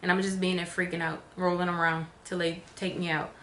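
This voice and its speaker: Woman vlogger, casual storytime, chatty with many fillers, faint background hiss. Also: a little fast. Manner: animated, acts out quotes with big pitch jumps.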